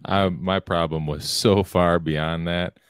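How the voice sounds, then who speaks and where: A man co-hosting a podcast over a remote call, chatting in a laid-back, deadpan way. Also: deep voice, slow, clean tone, dry recording, clean studio sound. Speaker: podcast co-host. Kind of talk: casual chat. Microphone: remote call microphone.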